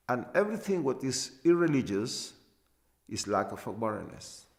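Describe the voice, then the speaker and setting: Male spiritual teacher, slow and deliberate, lively pitch swings, long hall reverb on the voice. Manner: halting, repeats phrases for emphasis. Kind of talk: spiritual talk.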